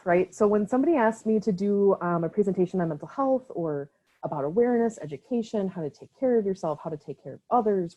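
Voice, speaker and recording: A young woman from Wisconsin with an Upper Midwest accent delivers an online training talk for a mental health nonprofit. She speaks casually, with many fillers and a frequent "right?" tag. Her voice is medium-pitched and dark, heard through slightly dull lo-fi call audio.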